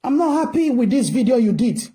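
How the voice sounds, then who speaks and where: Nigerian woman, ranting commentary, scolding rhetorical tone, high-pitched, mellow voice. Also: big pitch swings, brisk. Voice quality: mixes English and Pidgin, scolding and rhetorical.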